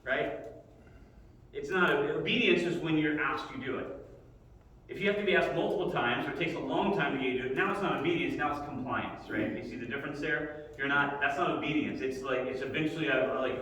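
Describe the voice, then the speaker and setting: A man's voice: on the high side, normal speed, bright, forceful tone. Man teaching in an echoey hall. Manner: conversational, says "right?" often. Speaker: Sunday school teacher. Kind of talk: casual Bible lesson. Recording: echoey hall, mic far off.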